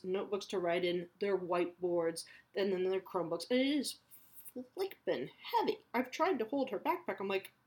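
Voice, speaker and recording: A woman, chatting candidly and swearing freely about her kids and her writing. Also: mid-range voice. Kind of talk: casual personal chat.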